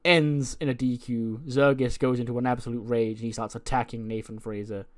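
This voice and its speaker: A man's voice: mid-range voice, fairly even intonation, a little fast. A chatty man narrating a wrestling management game, breaking into laughs as he talks. His voice sits in a middle register with plain, easygoing delivery. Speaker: gaming video host.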